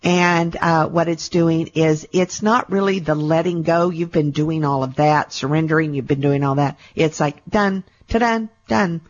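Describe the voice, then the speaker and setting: Brief: woman radio host, low voice, affectionate and talkative, muffled broadcast audio. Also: fairly even intonation, normal speed, hardly any pauses. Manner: warm, chatty, calls callers sweetie and darling. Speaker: radio show host and intuitive reader. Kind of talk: call-in radio talk.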